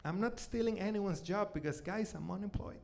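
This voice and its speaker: A man in his forties from Venezuela with a Spanish accent, performing a self-mocking stand-up set on a theater stage, loud one moment and muttering the next. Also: high-pitched, a little fast, creaky. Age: 40s. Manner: animated, self-mocking, swings between loud outbursts and mutters. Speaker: stand-up comedian.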